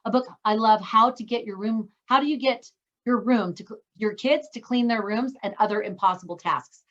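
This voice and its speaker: A woman's voice: a little high, normal speed, a bit bright. A middle-aged woman hosting a casual, faith-based talk on parenting. She is chatty and upbeat and acts out the things she says to her kids. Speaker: host. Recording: dull lo-fi sound.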